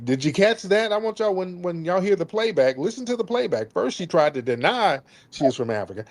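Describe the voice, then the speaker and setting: A man with a high, very lively voice hosts a news commentary show. He talks emphatically and scolds, repeating himself for stress. His pitch leaps around constantly. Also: brisk. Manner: mimics others in mocking voices. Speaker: host.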